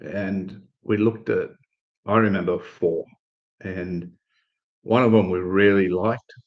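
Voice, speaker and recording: Chatting easily on a live stream, this Australian man rambles through a story, restarting sentences and using plenty of fillers. He speaks slowly in a deep voice, and the audio sounds dull.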